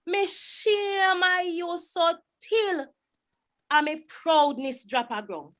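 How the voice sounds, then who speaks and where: A woman reciting a dialect poem as a proud, exasperated Jamaican mother scolding her son, in a sharp, reproachful voice. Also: very high-pitched, slow pace, pitched above the performer's own voice, exaggerated voice.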